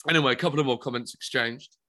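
A man telling a comic story as a podcast guest, excitable, stumbling over repeated words and laughing often. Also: medium pitch, rapid-fire. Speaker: comedian guest. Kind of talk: animated anecdote telling.

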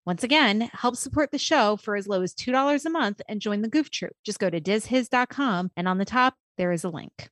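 A woman's voice: mid-range voice, lively intonation, brisk, hardly any pauses, fairly bright tone, dry recording. A woman reading an upbeat, inviting promotion for a podcast. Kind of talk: promo read.

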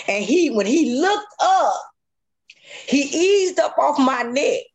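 Speaking slowly with a high-pitched voice and lively intonation, a woman interviewee relives a harrowing experience. She repeats phrases, uses sound effects, and her voice swings sharply with emotion, sometimes on the verge of crying.

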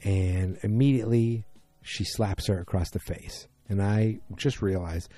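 A man's voice: fairly low pitch, steady tone, a little slow, dark tone. A tired man recapping a TV episode late at night in a casual, rambling way, full of fillers and restarts.

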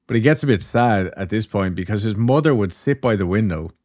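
A man's voice: fairly low pitch, animated, fairly quick, darkish tone. A man hosting a podcast, telling a story in a loose, chatty way, with swearing and asides. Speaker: podcast host. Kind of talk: casual storytelling chat.

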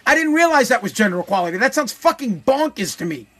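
A man's voice: very high-pitched, very animated, quick pace, a bit bright. A man hosting a show, delivering a heated, profane opinion rant and repeating phrases for emphasis.

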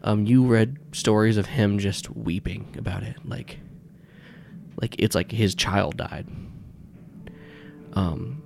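Low-voiced man rambling as game master. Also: steady tone, slow pace, creaky, pauses often, darkish tone, slight background noise. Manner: rambling, full of fillers and restarts. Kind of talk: narrating a tabletop game.

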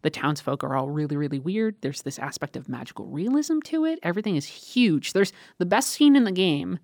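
Low-pitched woman, dry close sound, lively storyteller who swears casually; podcast guest. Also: fairly quick, no room sound. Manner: animated,喜 swearing freely, storytelling. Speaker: podcast guest, games writer.

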